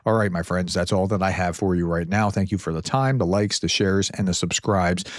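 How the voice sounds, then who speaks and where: A man's voice: sits low, fairly quick, no room sound, studio quality. A man giving earnest, casual commentary on translated clips, paraphrasing quotes in a plain reading voice.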